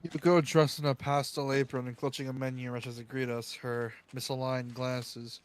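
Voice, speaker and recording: Guy reading out game text, steady, smooth clear voice, mid pitch. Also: normal speed. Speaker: reader of a visual novel. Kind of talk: reading game narration aloud.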